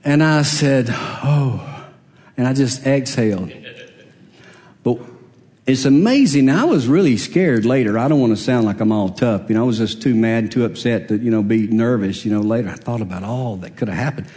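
A man's voice: mid-range voice, moderate pace, a little mellow, in a large hall. A man, a pastor from Alabama telling a personal story in a chatty, self-deprecating way, chuckling as he goes. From Alabama, USA. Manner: folksy, self-deprecating, laughs while telling stories. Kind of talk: conversational storytelling sermon.

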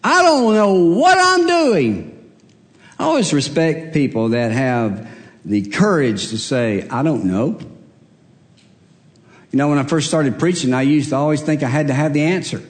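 A man's voice: mid-range voice, moderate pace, a little mellow, in a large hall. An older man, preaching a sermon in a church and telling stories about himself in a humorous, self-deprecating way. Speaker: pastor. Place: church sanctuary.

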